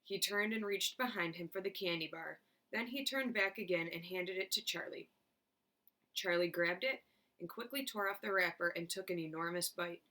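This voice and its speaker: A woman teacher reading a children's chapter book aloud with clear, expressive narration. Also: fairly low pitch, normal speed. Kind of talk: storybook read-aloud.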